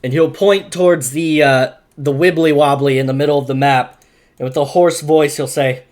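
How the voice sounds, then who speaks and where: A man narrating as game master in a tabletop game, slow and dramatic. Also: a little high, steady tone, a little mellow.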